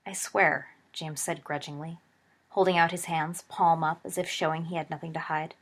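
A woman narrating a story aloud in an expressive storytelling read. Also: sits low, moderate pace. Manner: expressive, shifts voice for dialogue. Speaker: audiobook narrator.

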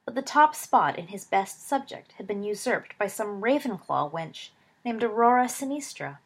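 A woman reading a story aloud as narrator, steady, dropping low and soft for dialogue tags. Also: moderate pace, slightly rough. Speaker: reader.

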